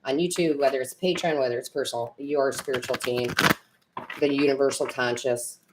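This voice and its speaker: A woman's voice: a bass voice, fairly even intonation, brisk, very noisy. A woman tarot reader and medium chatting with viewers on a live stream, rambling and correcting herself, teary and emotional.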